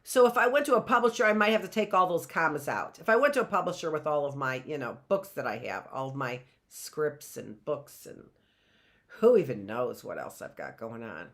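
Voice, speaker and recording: A woman's voice: low-pitched, very animated, fairly quick, fairly bright tone. A middle-aged woman teaching a grammar lesson in a chatty way, often checking in with "right?" and laughing at herself.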